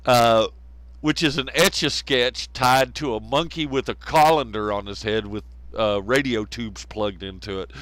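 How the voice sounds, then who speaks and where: A man's voice: medium pitch, a little slow, a bit bright, lightly acted. A man mimicking a smug, dismissive male corporate spokesman in a mock-formal, sneering tone.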